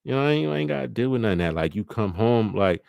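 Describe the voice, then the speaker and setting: Man, young adult, very low voice, casual profane monologue. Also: animated, vocal fry, a little mellow, dry recording. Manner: loose, profane, acts out both partners in quick quoted bits. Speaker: livestream host.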